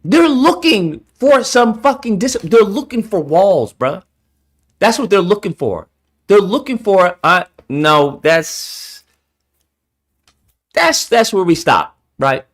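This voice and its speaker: A man ranting as an online commentator, heated and exasperated, swearing freely as he argues. His pitch swings widely from line to line, rising into disbelieving questions. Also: sing-song, takes it slowly, a bit bright.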